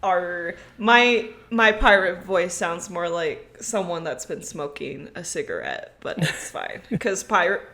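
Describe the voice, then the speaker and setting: A woman's voice: on the low side, lively intonation, unhurried, few pauses, sharp tone. A woman co-hosting a podcast in casual chat, telling stories animatedly with frequent giggles. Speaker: podcast co-host.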